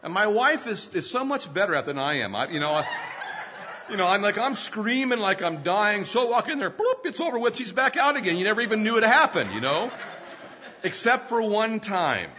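A man's voice: high-pitched, big pitch swings, a little fast, background noise. A man in his fifties preaching a sermon, telling humorous self-deprecating stories and often laughing mid-sentence. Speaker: pastor.

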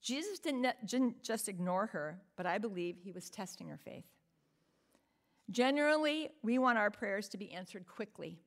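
A woman's voice: mid-range voice, animated, normal speed. A woman preaching a sermon in an earnest, emphatic way, often asking the listeners rhetorical questions.

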